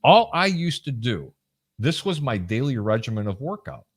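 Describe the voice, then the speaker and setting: A middle-aged man co-hosting a casual sports chat, telling lively stories about his school days over a video call. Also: medium pitch, normal speed, husky. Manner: animated storyteller, acts out shouting coaches. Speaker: co-host.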